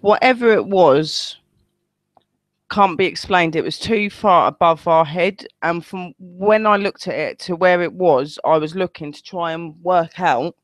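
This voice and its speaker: A woman's voice: on the low side, measured pace, poor audio. A woman talks to her live-stream audience as she runs a ghost hunt from her home. She chats loosely and keeps calling the viewers "guys", like a team leader showing them around. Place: at home indoors.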